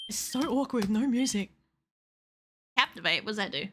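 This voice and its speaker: A young woman streaming a game, chatting excitedly and swearing freely as she talks to her viewers and the game. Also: medium pitch, normal speed, pauses often, noisy background. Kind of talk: casual live-stream chat while gaming.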